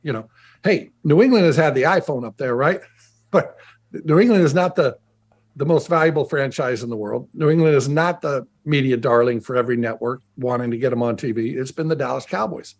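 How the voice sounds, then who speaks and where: A man, a former player turned team broadcaster, chatting in a casual interview over a video call and telling stories in an animated way. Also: medium pitch. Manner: storytelling, animated, quick asides.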